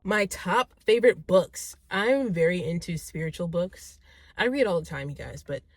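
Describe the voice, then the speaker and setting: A woman's voice: lowish voice, animated, normal speed, loud music behind the voice. A young woman vlogging casually to camera, chatty and enthusiastic, often rambling and correcting herself. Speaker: vlogger answering viewer questions. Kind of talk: casual talking-to-camera vlog.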